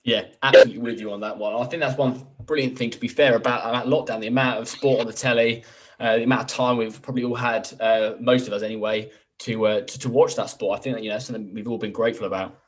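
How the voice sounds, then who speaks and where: Quick-talking young English host. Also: male voice, mid-range voice, fairly even intonation. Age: young adult. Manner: quick, upbeat, chatty with fillers. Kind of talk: presenting a talk show.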